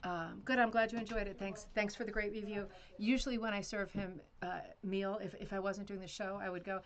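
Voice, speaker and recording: A woman's voice: medium pitch, fairly even intonation, brisk, few pauses. A woman hosting a rug hooking club livestream, chatting casually and rambling with fillers and laughs.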